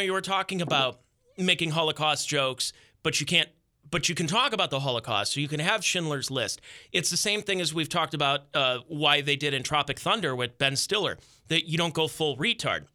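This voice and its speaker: Bright-voiced man arguing casually. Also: a little high, animated, fairly quick. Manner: argumentative, rambling. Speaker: podcast co-host. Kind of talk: casual chat.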